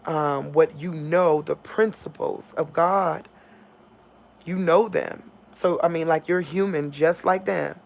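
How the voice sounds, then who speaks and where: Lady preaching on a stream, gravelly, laid back, laughing and acting stuff out loud. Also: deep voice. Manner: informal, laughs a lot, acts out quotes loudly. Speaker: online preacher. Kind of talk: casual spiritual livestream talk.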